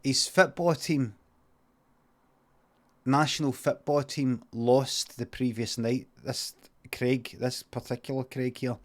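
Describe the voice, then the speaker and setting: A man's voice: mid-range voice, slow. Scottish man rambling through an improvised story. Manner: rambling, deadpan, full of asides. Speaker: comedian and streamer. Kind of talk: improvised comic storytelling on a livestream.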